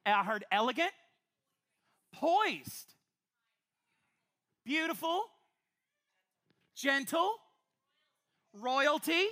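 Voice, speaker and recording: A woman pastor, preaching a sermon to a congregation in an animated, playful way with quick asides. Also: sits high. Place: church before a congregation.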